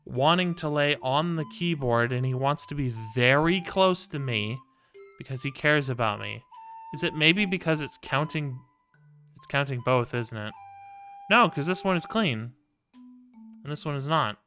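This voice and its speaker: Bright-voiced, swearing male game streamer. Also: medium pitch, lively intonation, measured pace, soft background music. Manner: rambling, swears freely, coos to his cat. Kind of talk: casual gameplay commentary.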